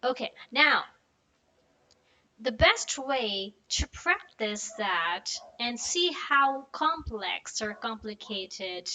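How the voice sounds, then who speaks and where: Young woman teaching pronunciation, sing-song voice, goes slow and keeps saying okay. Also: fairly high pitch, very animated, bright, forceful tone, poor audio. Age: young adult. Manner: slow, drawn-out drilling with many "okay"s. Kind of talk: online lesson.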